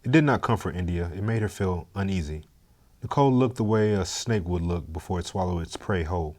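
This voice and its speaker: A man narrating a story in a steady, measured, scripted way. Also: sits low.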